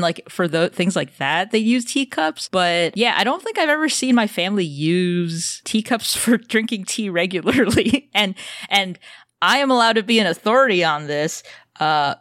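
A woman co-hosting a podcast in casual chat, animated, swearing and laughing often. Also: on the low side, no room sound, studio quality. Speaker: podcast co-host.

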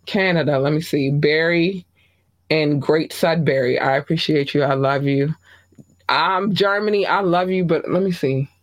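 A woman hosts her own podcast, chatting casually and gushing thanks to her listeners. Her voice leaps up high when she gets excited. The recording is dry and close, with no room sound. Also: no echo. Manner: effusive, shouting out listeners by country. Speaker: podcast host. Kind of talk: casual solo podcast chat.

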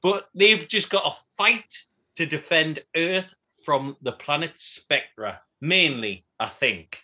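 A man with a fairly high, bright, forceful voice speaks slowly, and the recording has its highs cut off. Co-hosting a podcast in casual chat, he jokes, laughs often and tags questions onto his remarks.

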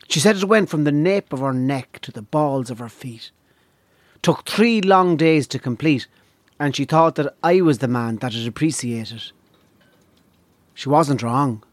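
A man with an Irish accent tells a comic yarn in a wry, deadpan voice of middling pitch. The recording is dry and close, with no room sound. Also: no room sound. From Donegal, Ireland. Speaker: comedian. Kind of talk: comic storytelling.

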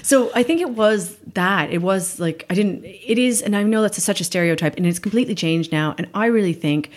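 Lively Canadian woman telling stories. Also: fairly low pitch, fairly quick. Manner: animated storyteller, acts out quotes, laughs often. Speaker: guest. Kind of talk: casual chat.

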